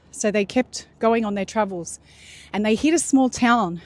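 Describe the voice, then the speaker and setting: A woman's voice: on the high side, moderate pace, a little mellow. A woman casually retelling a religious story in a loose, chatty way, full of fillers and restarts.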